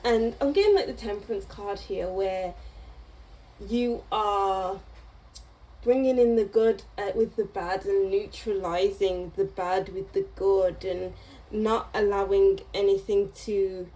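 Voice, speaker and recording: A woman's voice: medium pitch, fairly even intonation, slow pace, warm tone, rough recording. A woman giving a casual tarot reading to camera, chatty and meandering, with small laughs as she goes. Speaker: tarot reader.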